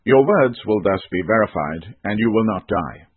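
A man's voice: on the low side, lively intonation, moderate pace, husky, no echo. A man reading the lines of a stern male governor who tests strangers, in a commanding, solemn manner over a tinny recording. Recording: tinny phone-like dry recording.

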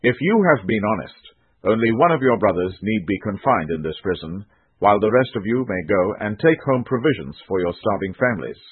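A stern male governor speaks with a husky, lively voice, as a man reads him in his own low tone. He sounds commanding and solemn. The sound is tinny and phone-like, with no room echo. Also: a little fast. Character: stern male Egyptian governor testing strangers. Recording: tinny phone-like dry recording.

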